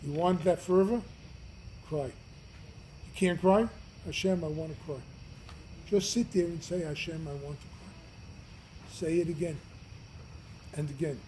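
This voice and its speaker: Rabbi giving a class, slightly high voice, earnest and emphatic, faint noise behind him. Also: male voice, poor audio. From United States. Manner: earnest, emphatic, swings from loud to quiet. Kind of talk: storytelling Torah class.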